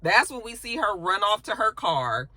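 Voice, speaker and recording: Bright, chatty TV recap host. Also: medium pitch, big pitch swings, normal speed, no echo. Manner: chatty, colloquial, acts out quoted lines. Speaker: TV show reviewer. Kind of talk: casual recap vlog.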